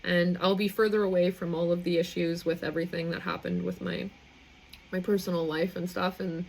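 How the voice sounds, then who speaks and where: A woman's voice: fairly low pitch, flat delivery, brisk, creaky, slight background noise, poor audio. A young woman hosting a live stream, talking in an effusive, rambling, heartfelt way. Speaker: livestream host. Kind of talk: emotional live stream sign-off.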